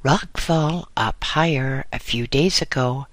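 A man voicing a short, very fat male monk messenger who is chatty and wheezy, in a high-pitched voice. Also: lively intonation, slow pace, a bit bright, no echo. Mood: gossipy.

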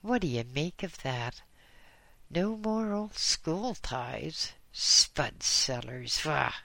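A man's voice: medium pitch, slow pace, sharp tone, no room sound. A man voicing a scruffy, sarcastic small male doctor who sneers as he talks. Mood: sneering.

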